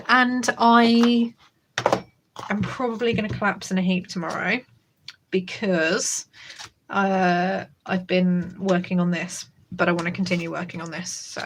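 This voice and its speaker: A woman's voice: mid-range voice, fairly bright tone, slight background noise. A woman in her thirties chats to viewers in a loose, rambling livestream style. She is a teacher with a sarcastic streak who keeps breaking into laughter mid-story. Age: 30s. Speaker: schoolteacher. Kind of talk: casual livestream chat.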